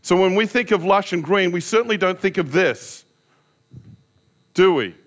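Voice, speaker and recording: A man preaching a sermon in a fairly high voice. He tells stories against himself with candor and keeps turning to his listeners with rhetorical questions. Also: expressive, normal speed. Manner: candid, self-deprecating storytelling with rhetorical questions. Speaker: pastor.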